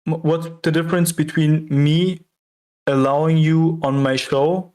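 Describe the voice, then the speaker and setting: A male guest on an online call who keeps pressing his point, asking each question twice over. He hesitates and restarts, and his voice is slightly higher than average. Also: level tone, a little slow, darkish tone. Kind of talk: casual debate.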